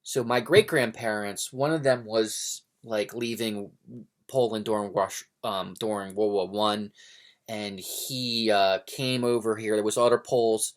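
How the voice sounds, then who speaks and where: A man from the United States talking in a casual, rambling monologue, hesitant with many fillers, restarts and opinionated tangents. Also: on the low side. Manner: digressive, opinionated. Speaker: book vlogger.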